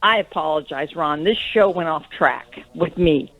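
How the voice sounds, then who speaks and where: A woman's voice: deep voice, moderate pace, narrow, tinny audio. A woman calling in to a comedy radio show, crude, rambling and self-deprecating. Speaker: caller.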